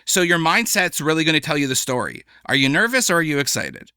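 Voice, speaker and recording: A young adult man, a comedian guest on a podcast, talking in an animated, chatty way. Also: a little high, quick pace, clean tone, dry recording, clean studio sound. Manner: animated, chatty, slips into playful voices for examples. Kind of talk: casual podcast conversation.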